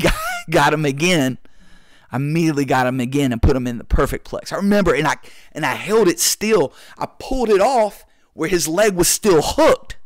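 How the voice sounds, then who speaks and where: Excitable man telling stories. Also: on the high side, no room sound, studio quality. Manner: excitable, slangy, peppered with dude and bro. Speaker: podcast host. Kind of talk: casual storytelling.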